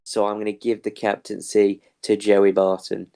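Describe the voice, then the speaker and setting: Man doing a stern middle-aged manager, low flat voice, matter-of-fact. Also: moderate pace, gravelly, clear, resonant tone.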